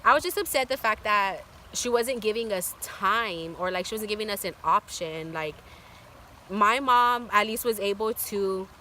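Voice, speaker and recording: A woman's voice: medium pitch, moderate pace, pushed and bright, slight background noise. A young woman vlogger telling a personal story in casual chat, full of "like" and fillers. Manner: chatty, filler-heavy with constant "like".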